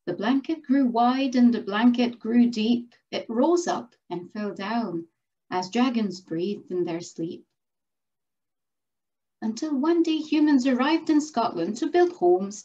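A middle-aged woman from Quebec narrates a rhyming story at a live event. She speaks very slowly and gently in a fairly high voice, and the recording is dull and lo-fi. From Quebec, Canada. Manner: slow, gentle, with fillers. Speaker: storyteller and scientist.

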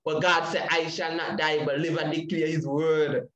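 A man's voice: a little high, little pitch movement, normal speed, fairly bright tone, roomy sound, highs cut off. A man giving an impassioned testimony in a repetitive preaching cadence. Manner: preaching cadence with repeated phrases. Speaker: panel speaker sharing testimony.

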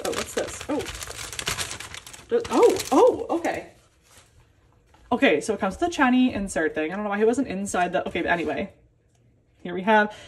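A young woman casually vlogging an album unboxing, gushing and exclaiming with excitement as she goes. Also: fairly high pitch.

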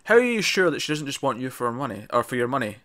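A man's voice: medium pitch, very animated, racing, fairly bright tone. A man voicing a doubtful male butler questioning his employer.

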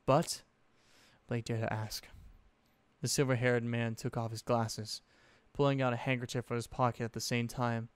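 A man's voice: medium pitch, little pitch movement, moderate pace, clear, resonant tone, no echo. A man reading a story aloud expressively, correcting his own slips now and then. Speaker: fanfiction narrator.

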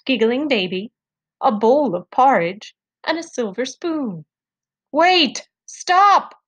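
A woman reading a folktale aloud to children, expressive and measured. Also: medium pitch, no room sound. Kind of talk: children's storybook read-aloud.

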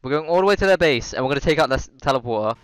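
A young man giving casual, excitable gameplay commentary, swearing and repeating quick callouts as he plays. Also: mid-range voice, clear, resonant tone. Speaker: gamer streaming gameplay.

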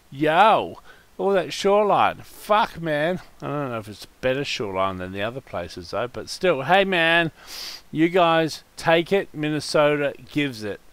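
A man chatting casually while waiting for a game, reading out random facts with crude swearing and loud laughing outbursts. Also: fairly high pitch, smooth, no room sound.

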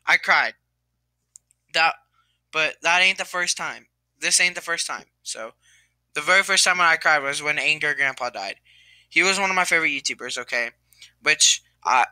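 Young male vlogger, crying and sighing through a halting apology; bright, smooth voice, dry close sound. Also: on the high side, no echo. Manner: halting, trailing off, many restarts. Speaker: gaming YouTuber. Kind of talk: tearful apology vlog to camera.

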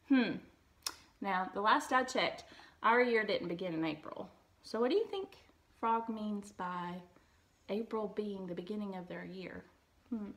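A young woman teacher reading a storybook aloud to her class, speaking gently and clearly and asking the children questions. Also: medium pitch, unhurried, long pauses, low-quality recording.

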